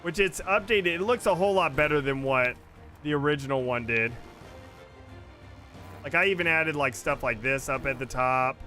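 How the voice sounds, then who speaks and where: A man's voice: a little high, moderate pace, long pauses, sharp tone. A man hosting a casual gaming livestream, rambling with lots of fillers and chatting to his viewers. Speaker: gaming streamer and host. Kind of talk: casual livestream commentary while playing. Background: faint game music.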